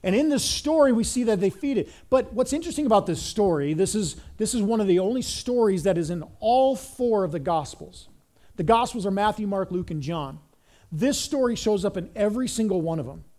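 A man's voice: sits high, animated, brisk, darkish tone. A man preaching a sermon in a conversational way, often checking in with the audience through rhetorical questions and rising sharply for emphasis. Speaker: pastor.

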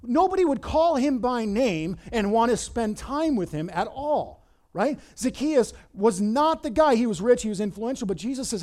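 Male pastor, high pitched and very animated, emphatic storyteller in the pulpit. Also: moderate pace. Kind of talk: sermon.

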